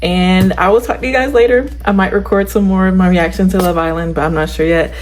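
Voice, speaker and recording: A young woman chatting casually to camera in a crochet vlog, slangy and animated as she reacts to a TV show. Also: on the low side, a little fast, low-quality recording. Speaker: crochet vlogger. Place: home, indoors.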